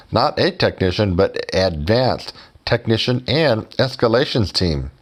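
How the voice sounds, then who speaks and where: Sarcastic low-voiced man. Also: animated, unhurried. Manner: sarcastic, mocking; addresses viewers directly as folks. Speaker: YouTuber. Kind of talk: sarcastic storytelling to camera.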